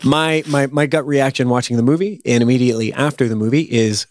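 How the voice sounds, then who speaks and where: A man's voice: mid-range voice, a little fast, a little mellow, no room sound, clean studio sound. A man co-hosting a podcast, playful and joking in casual chat. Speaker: podcast co-host.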